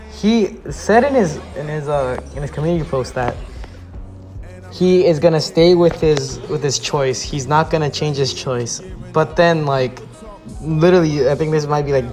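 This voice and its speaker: A man giving an exasperated ranting commentary on viewer comments, swearing often and restarting his sentences. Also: mid-range voice. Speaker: YouTube commentator.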